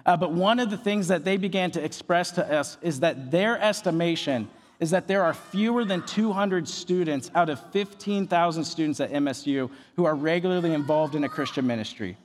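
A man preaching a sermon as a pastor, energetic and joking as he tells stories. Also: on the high side, brisk, in a large hall, a little hiss or hum. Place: church.

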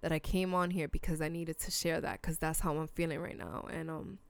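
A woman's voice: deep voice, steady tone, brisk, gravelly, clear, resonant tone, no room sound. A woman hosting a solo podcast, talking bluntly and earnestly to her listeners, casual and emotional, with some swearing. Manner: emotional, sincere appeals to listeners. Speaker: podcast host. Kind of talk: heartfelt solo podcast talk.

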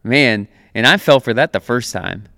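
A young man preaches in an easygoing, conversational way, laughing often and acting out quotes. His voice sits at a middling pitch. The sound is dry and close, with no room echo. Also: expressive, normal speed, creaky, pushed and bright. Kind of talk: conversational sermon.

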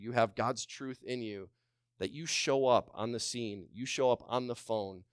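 A man preaching a sermon as a pastor, calling on the congregation to respond and dropping to a hushed voice when quoting gentle words. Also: mid-range voice, clear, resonant tone, no room sound, clean studio sound.

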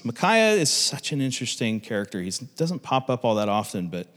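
A man with a lowish voice that rises and falls a great deal gives a casual Bible teaching. He tells the story conversationally and drifts into asides, and a long reverb trails behind his words. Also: fairly bright tone.

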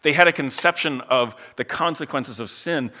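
A man preaching a sermon, retelling a gospel scene in a conversational way, with asides and quick voiced quotes. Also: medium pitch, sharp tone. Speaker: pastor.

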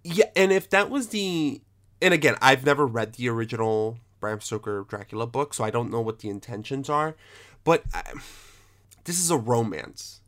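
A man hosts a casual film chat at a middle pitch. He talks in an animated, emphatic way and swears freely, with plenty of restarts. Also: normal speed.

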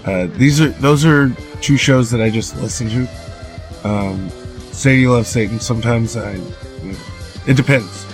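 A man's voice: mid-range voice, unhurried, faint music behind. A man hosting a horror podcast, talking casually with lots of fillers, restarts and swearing. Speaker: podcast host.

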